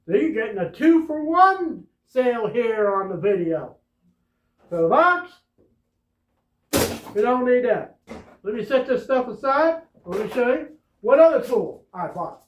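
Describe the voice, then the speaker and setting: Slow, high-voiced man in a roomy space. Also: recorded from a distance. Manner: rambling, folksy, many fillers and restarts. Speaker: tool reviewer. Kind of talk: casual product demo vlog. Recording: roomy, dull sound from away from the mic.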